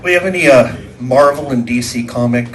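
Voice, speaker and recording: A man's voice: mid-range voice, a little fast. A man performing a stand-up comedy set for a small live audience, telling folksy stories and acting out the voices and sound effects.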